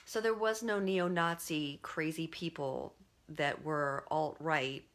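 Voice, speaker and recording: A woman with a slightly low-pitched voice, talking straight to her viewers on a live stream. She rambles casually, full of "like" and "um", restarting her sentences as she goes. It sounds like a phone or webcam mic. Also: fairly even intonation, takes it slowly. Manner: rambling, conversational, many fillers and restarts. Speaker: artist and livestream host.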